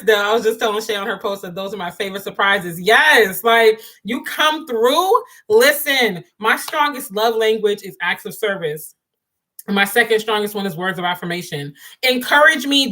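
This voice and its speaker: A woman, talking straight to her viewers and laughing often. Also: a little high. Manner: animated, laughs often, talks to viewers as y'all. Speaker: livestream host. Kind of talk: casual chat.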